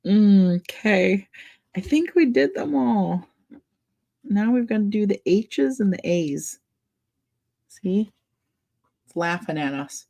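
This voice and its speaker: A woman's voice: medium pitch, expressive, slow, gravelly, long pauses, warm tone. A woman hosting a casual craft livestream, chatting in a rambling way and laughing often. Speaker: livestream host.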